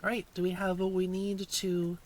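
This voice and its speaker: A woman's voice: fairly low pitch, completely flat delivery, normal speed, a little mellow. A woman streamer chatting casually with her chat while teaching Japanese, answering questions in a playful way.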